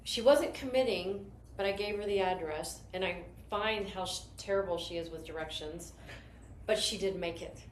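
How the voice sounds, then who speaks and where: A woman with a lowish voice and moderate pace leads a network marketing team, telling stories in an enthusiastic, meandering motivational talk. The recording has a roomy echo and faint noise.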